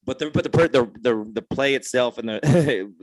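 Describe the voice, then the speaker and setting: A man co-hosting a podcast in casual chat, joking and easygoing with quick quips. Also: mid-range voice, no echo. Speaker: podcast co-host.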